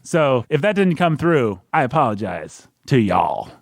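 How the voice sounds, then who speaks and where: A man's voice: medium pitch, very animated, a little slow, creaky, dry recording, studio quality. A man hosting a casual book-review podcast, jokey and teasing, from the United States. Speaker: podcast host.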